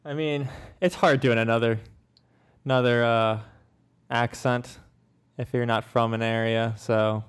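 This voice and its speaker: A man co-hosting a casual film podcast, rambling and halting as he talks. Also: medium pitch, level tone, smooth. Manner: rambling, halting, laughs often. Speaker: podcast co-host. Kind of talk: casual film-review chat.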